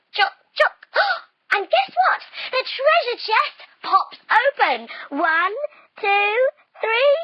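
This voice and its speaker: A woman leading a children's yoga lesson as a story, playful and animated, with silly sound effects. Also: extremely high pitch, no room sound, lo-fi sound. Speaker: kids yoga teacher.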